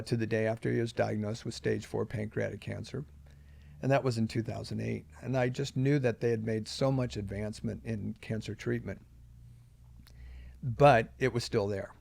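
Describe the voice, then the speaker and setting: A man's voice: lowish voice, creaky, a little mellow, no room sound. An older man, a podcast guest, telling a personal story earnestly and with emphasis at key moments.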